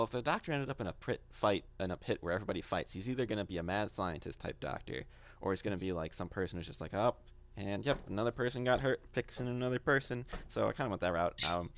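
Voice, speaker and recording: A man with a very low voice and a gravelly edge. He co-hosts a casual podcast and talks in a loose, rambling way about running his games. He keeps acting out his own thoughts as little quotes. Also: fairly bright tone. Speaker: game master, podcast co-host.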